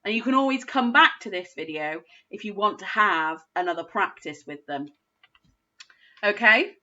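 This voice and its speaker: A woman teaching a recorded phonics lesson to young children, slowly sounding out each word in a patient, encouraging way. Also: medium pitch, expressive, sharp tone, muffled recording. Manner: slow, patient, sounding out words. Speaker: primary school teacher.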